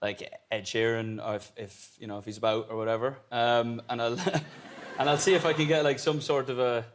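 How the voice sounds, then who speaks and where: A young man with an Irish accent, a musician guest on a chat show, answering in a laid-back, halting way with easy laughs. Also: mid-range voice, steady tone. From Ireland.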